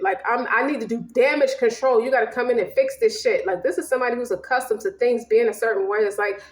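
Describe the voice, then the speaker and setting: A woman's voice: on the high side, roomy sound. A woman giving a casual tarot reading, slangy and profane, rambling and emphatic. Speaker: tarot reader.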